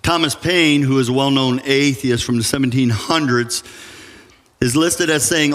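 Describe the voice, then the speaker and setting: A pastor preaching a sermon in an earnest, emphatic way, with dramatic pauses, in a church sanctuary. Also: male voice, mid-range voice, a bit bright. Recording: church sanctuary with long reverb.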